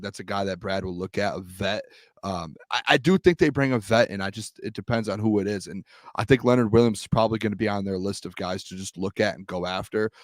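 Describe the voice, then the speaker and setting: A man's voice: on the low side, no room sound, studio quality. Emphatic man in sports chat. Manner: emphatic, confident. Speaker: podcast co-host. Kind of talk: casual sports talk.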